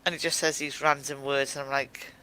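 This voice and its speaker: A woman's voice: very deep voice, level tone, a little fast, bright, forceful tone, slight background noise, low-quality recording. A woman teasing friends in a casual group chat, laughing easily. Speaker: chat participant.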